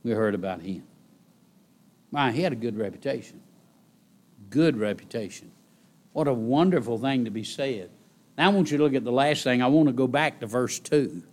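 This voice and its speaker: Preaching man, swinging loud and soft. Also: mid-range voice, normal speed, long pauses. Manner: animated preaching with sudden loud rises and soft drops; repeats phrases for emphasis. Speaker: pastor. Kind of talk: sermon.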